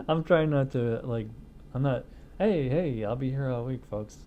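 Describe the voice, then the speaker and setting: This man has a mid-range voice and takes his time, with narrow, tinny audio carrying a slight hiss or hum. Reviewing a beer casually in a home studio, he rambles through fillers and restarts and laughs at his own jokes, picked up by a wireless lapel mic hidden behind a studio mic.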